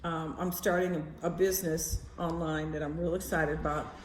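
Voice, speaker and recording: A woman vlogging in a casual, animated chatty way, swearing now and then. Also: deep voice, normal speed, reverberant, a little hiss or hum. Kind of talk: casual chat to camera.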